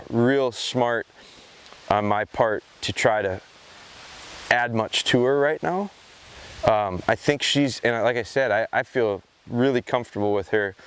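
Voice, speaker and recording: A man training his gun dog in a field, explaining his approach to the camera in a casual, reflective way. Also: clean tone. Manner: talks to the camera, then calls to a dog in high, sing-song praise. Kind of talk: casual outdoor training commentary. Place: outdoors in a field.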